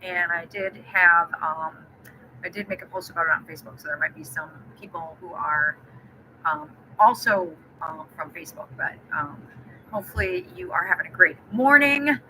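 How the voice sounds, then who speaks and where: A woman with a fairly low, sharp-toned voice speaks at a normal pace, giving a friendly keynote talk over a live stream. She tells a personal story and greets viewers by name. The audio is poor, with a little hiss or hum.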